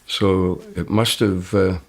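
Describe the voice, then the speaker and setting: A man's voice: deep voice, level tone, takes it slowly, creaky. An older man casually telling a first-person story, jumping his voice up when he quotes others. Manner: raises his voice sharply when quoting others. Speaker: interviewee recounting an experience.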